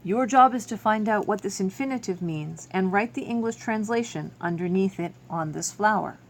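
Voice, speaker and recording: A woman's voice: medium pitch, normal speed, a little hiss or hum. A woman teaching a French verb lesson to students, explaining each step patiently. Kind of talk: classroom video lesson.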